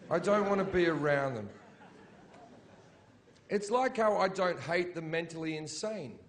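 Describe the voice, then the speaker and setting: A man's voice: sits high, noisy background. A middle-aged man doing a stand-up comedy routine on stage, blunt, profane and mocking. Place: comedy stage before a live audience.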